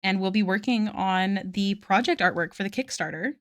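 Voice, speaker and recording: A woman's voice: mid-range voice, moderate pace, fairly bright tone. Woman art streamer, casual and giggly, talking to chat at her desk mic. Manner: chatty, giggly, reads chat aloud.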